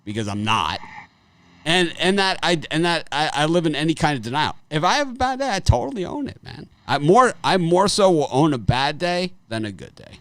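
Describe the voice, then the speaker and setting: A man's voice: on the high side, big pitch swings, brisk, fairly bright tone, smooth, no room sound. A man hosting a live sports betting show, talking bluntly and casually with frequent restarts and some swearing. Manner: blunt, profane, rambling with restarts.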